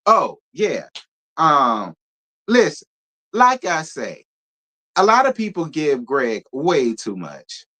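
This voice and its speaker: A man's voice: a little high, huge pitch swings, slow pace, long pauses, pushed and bright. A man hosting a live review of a reality show, giving blunt, sassy and profane commentary, talking straight to his viewers and thanking donors. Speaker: reality TV recap host.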